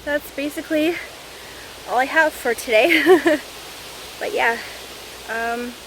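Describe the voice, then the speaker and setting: Taking it slowly, she speaks in a high-pitched, fairly bright voice. She's a Canadian woman casually vlogging during a hike through the woods, out of breath and rambling with plenty of fillers. Faint outdoor noise is present in the background.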